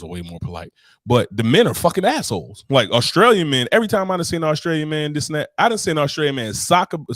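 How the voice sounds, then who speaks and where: A man's voice: on the high side, no echo, studio quality. A man hosting a podcast, ranting in casual, profane chat. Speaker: podcast host.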